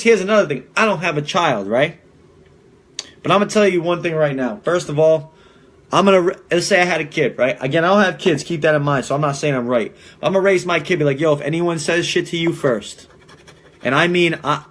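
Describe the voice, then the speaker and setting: A man's voice: a little high, a little fast, a bit bright. A young man hosting a podcast, talking in a blunt, profane, rambling way with many restarts. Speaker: podcast host. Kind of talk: casual monologue.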